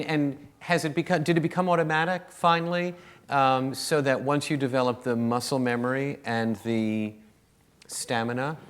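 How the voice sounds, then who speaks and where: A man interviewing a guest, attentive, murmuring agreement often. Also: mid-range voice.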